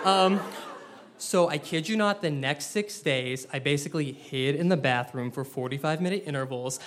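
A man's voice: fairly high pitch, moderate pace, background noise. Wry young man telling a story live. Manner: self-deprecating, wry, animated. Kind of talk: live personal storytelling to an audience.

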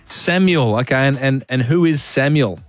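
A man's voice: mid-range voice, moderate pace, faint music behind. An Australian man hosting a radio show, playfully teasing a caller in casual chat. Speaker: radio host.

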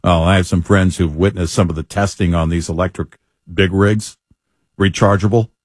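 A man's voice: sits low, steady tone, normal speed, no room sound, studio quality. A man co-hosting political talk radio, agreeable and matter-of-fact, backing up his partner. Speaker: radio co-host.

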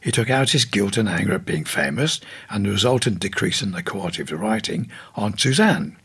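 A man's voice: fairly low pitch, lively intonation, a little fast, fairly bright tone, breathy edge. A man narrating an audiobook in a scripted reading, voicing quoted speakers in turn.

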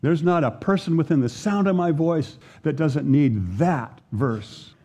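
A male pastor delivers a sermon in an unhurried, earnest way, with long dramatic pauses. His voice is warm and mellow and sits a little high for a man. He stresses each scripture line slowly. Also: breathy edge. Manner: earnest, slow preaching with dramatic pauses and emphatic scripture readings.

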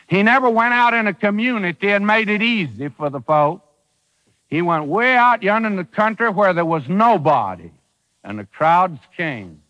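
A man's voice: on the high side, pushed and bright, in a large hall, low-quality recording. A man preaching a sermon in a folksy, emphatic way, acting out quoted voices with drama. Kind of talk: radio sermon.

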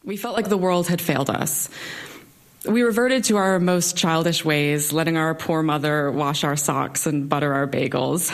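A young woman telling a wry personal story to a live audience from a stage, with expressive delivery. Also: low voice, moderate pace. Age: young adult.

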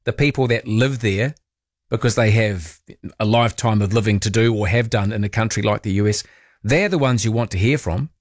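A man's voice: on the low side, dry recording, clean studio sound. A man with a New Zealand accent hosting a call-in radio show, chatting wryly about his callers. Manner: chatty, wry, quick to comment on callers. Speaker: talk radio host. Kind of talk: late-night call-in radio chat. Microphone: studio microphone.

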